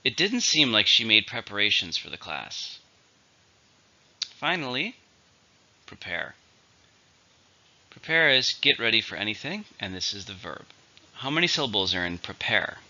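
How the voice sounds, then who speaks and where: A man teaches English vocabulary, working methodically through syllables, stress and example sentences. His voice sits somewhat low but sounds very bright and tense, with an animated, wide-ranging pitch. The recording is dull and lo-fi. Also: normal speed, long pauses. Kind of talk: vocabulary lesson.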